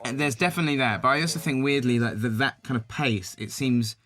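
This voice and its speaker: A man's voice: medium pitch, quick pace, a bit bright. Chatty man on a film commentary. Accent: West Country English. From England. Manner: chatty, rambling, many likes and kind-ofs. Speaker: film director. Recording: music from the film faint behind.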